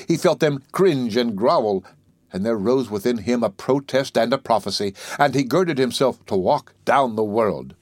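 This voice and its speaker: A man narrating literary prose in a measured, expressive reading that slows and quickens for effect. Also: mid-range voice, dry recording, studio quality. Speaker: audiobook reader.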